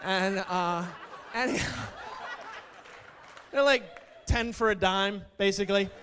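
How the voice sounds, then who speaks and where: A man doing a stand-up comedy set, wry and self-deprecating, building to loud indignant outbursts. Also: high voice, unhurried, slight background noise. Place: comedy stage before a live audience. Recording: stage mic in a reverberant hall with laughing crowd.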